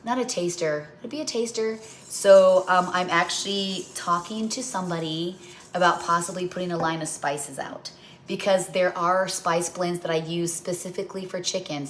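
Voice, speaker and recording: A woman's voice: fairly low pitch, a little hiss or hum. A middle-aged woman hosting a home cooking livestream, rambling through stories while she talks viewers through a recipe.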